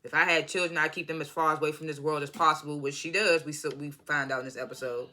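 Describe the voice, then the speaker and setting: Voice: mid-range voice, steady tone, fast talker, sharp tone. A vlogger recapping a TV episode in a casual, slangy, profane way, rambling and apologizing often. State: irritated by background noise.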